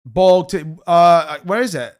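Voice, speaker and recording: Guy on a live stream, kinda high smooth voice, rambly and fed up. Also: slow. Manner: rambling, exasperated, thinks aloud while browsing charts. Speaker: crypto livestream host. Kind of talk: casual live stream commentary.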